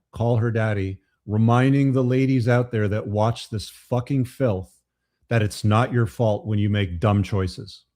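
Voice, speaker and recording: A man's voice: medium pitch, warm tone. A man hosting a live commentary show, talking bluntly with frequent profanity. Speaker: host.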